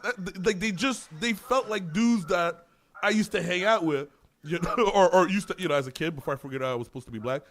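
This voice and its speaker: A man co-hosting a podcast in casual chat, animated, laughing often and swearing. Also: high voice, brisk. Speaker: podcast co-host.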